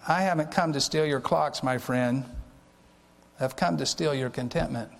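A man's voice: fairly high pitch, normal speed, gravelly. A man voicing a tall, wiry, impish male thief who talks in a sly, teasing way.

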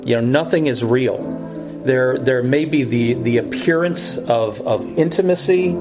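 A man's voice: mid-range voice, measured pace, over music, poor audio. A man teaching through Bible verses in a sermon style, earnest and explanatory, often correcting himself as he goes.

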